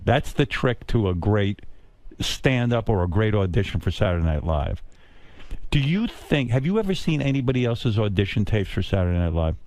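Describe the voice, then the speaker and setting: An older man hosts a radio interview, blunt and teasing, often stumbling and restarting his sentences. His pitch swings widely as he talks. The sound is dry and close. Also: no room sound. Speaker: radio show host. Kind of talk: casual interview chat.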